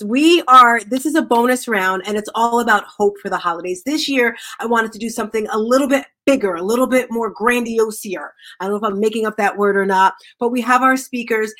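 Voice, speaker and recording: A woman's voice: on the high side, a little fast, a bit bright. A woman hosting an interview show, talking in a candid, effusive and emotional way. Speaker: host. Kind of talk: casual interview chat.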